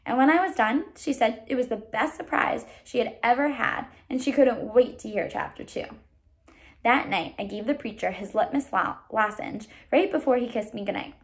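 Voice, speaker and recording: Gravelly woman reading a storybook. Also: fairly high pitch, normal speed. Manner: explains words to listeners between passages. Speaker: reader. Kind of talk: reading a children's novel aloud.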